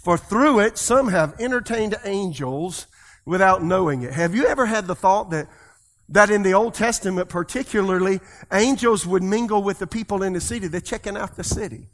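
A pastor preaches a sermon at a normal speed, his voice sitting high. He leads the congregation in call-and-response, swinging between loud and soft.

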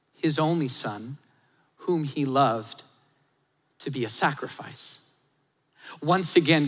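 A man preaching a sermon, shifting between lively storytelling and hushed, intimate emphasis. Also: on the high side. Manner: dynamic, drops to hushed tones for emphasis. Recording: long hall reverb.

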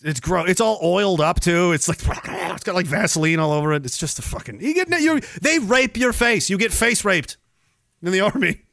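Gravelly, profane stream host ranting. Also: male voice, sits high, expressive, normal speed, fairly bright tone, no room sound, clean studio sound. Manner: profane, sarcastic, acts out mocking voices. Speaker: livestream host. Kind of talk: ranting stream chat, reading viewer comments.

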